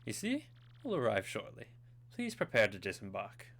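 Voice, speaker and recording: A man's voice: mid-range voice, very animated, moderate pace, fairly bright tone, voice pushed up. A man voicing a posh, polite boat captain in a video game. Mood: courteous. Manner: posh, formal, courteous.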